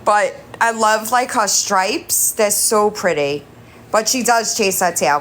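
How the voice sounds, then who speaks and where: A woman hosting a casual livestream from home on her phone, switching between high sing-song baby talk to her kittens and chatty remarks to viewers. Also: slow pace, slight background noise. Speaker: livestream host.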